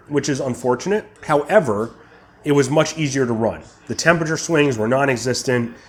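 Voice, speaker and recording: A young man hosting his barbecue channel, chatting casually while tasting brisket and sometimes talking with his mouth full. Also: medium pitch. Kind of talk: casual cooking vlog, tasting and reviewing.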